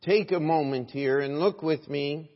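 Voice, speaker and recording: A man preaching a sermon as pastor, reading scripture formally, then rising to loud emphasis and dropping to hushed words. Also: a little high, unhurried. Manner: reads scripture in an old, formal register. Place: church sanctuary. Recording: dull, lo-fi sound with long church reverb.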